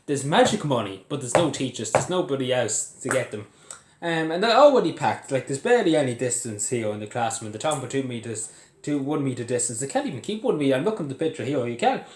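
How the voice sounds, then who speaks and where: Speaking fast with big pitch swings, this young Irish man has a mid-range voice and vents angrily at his camera at home. He curses and laughs bitterly about the things he's recounting. The recording, made on a sideways phone or camera in an echoey room, carries a little hiss or hum.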